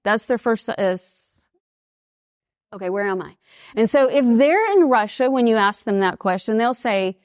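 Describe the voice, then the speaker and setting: A woman's voice: on the high side, normal speed, no echo, clean studio sound. A woman in her fifties with an East Texas accent, giving a presentation and telling stories that she acts out in different voices. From United States. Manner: lively storyteller who acts out quoted voices. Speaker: speaker at an international school. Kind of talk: presentation talk to an audience.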